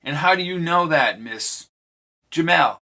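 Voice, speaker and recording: A man's voice: a little high, expressive, measured pace, pushed and bright, pitched above the performer's own voice, full character voice. A man reading an audiobook, voicing a forward, curious young baseball fan from the 1920s. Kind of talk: audiobook character voice.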